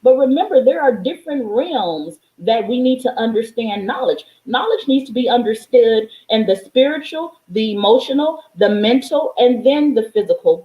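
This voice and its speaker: A woman's voice: a little high, lively intonation, moderate pace, few pauses, mellow. Fervent, swearing woman in an echoey room. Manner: profane, fervent, preachy. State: near tears. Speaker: spiritual vlogger. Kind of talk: emotional spiritual monologue.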